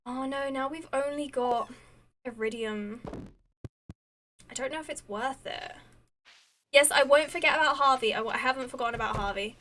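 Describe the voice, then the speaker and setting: A woman's voice: sits high, normal speed, long pauses, bright, forceful tone, a little hiss or hum. A young woman streaming a farming game, rambling casually to her chat with lots of fillers and restarts. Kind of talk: casual chat while gaming. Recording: game music behind the voice.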